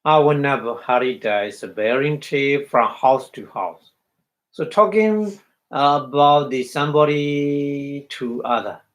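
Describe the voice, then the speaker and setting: A man giving a dharma talk as a Buddhist meditation teacher, halting, repeating phrases and checking in with his listeners. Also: medium pitch, poor audio.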